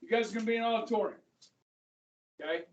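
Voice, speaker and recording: A middle-aged man teaching a high school history class, chatting and joking, often checking in with his students. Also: fast, highs cut off. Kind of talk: classroom lecture. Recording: echoey classroom, voice from far off.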